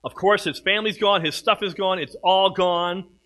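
A middle-aged man preaching a sermon, swinging from hushed, slow passages to loud, emphatic ones. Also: sits high, steady tone, poor audio. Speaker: pastor.

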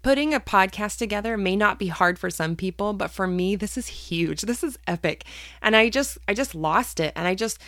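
Candid woman with a gravelly voice. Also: mid-range voice, animated, moderate pace, fairly bright tone, no echo, studio quality. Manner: candid, hesitant, many fillers and restarts. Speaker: podcast host. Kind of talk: personal faith podcast talk.

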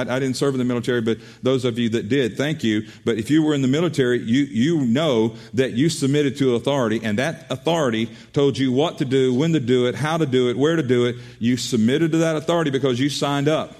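A man's voice: medium pitch, quick pace, few pauses, darkish tone. A man preaching a sermon as pastor, earnest, often repeating and restarting his words.

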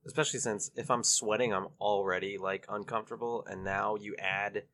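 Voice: sits low, fairly even intonation, a little fast, a bit bright. A guest on a casual podcast, talking in a laid-back, joking way. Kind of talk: casual chat.

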